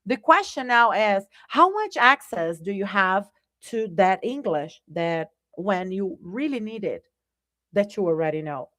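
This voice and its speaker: A woman with a Brazilian Portuguese accent runs a live-streamed English lesson, chatting with her viewers, calling them "guys," and checking in with "right?" again and again. Her voice is medium in pitch and a little slow, with big swings in intonation and a pushed, bright quality.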